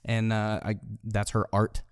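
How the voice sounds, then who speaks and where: A man in a laid-back podcast chat with a fairly low voice. He narrates scenes piece by piece, with small fillers and short laughs. The recording is close and dry. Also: completely flat delivery, unhurried, smooth, dry recording. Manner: describes scenes step by step with fillers and light laughs. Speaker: podcast co-host. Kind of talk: casual chat.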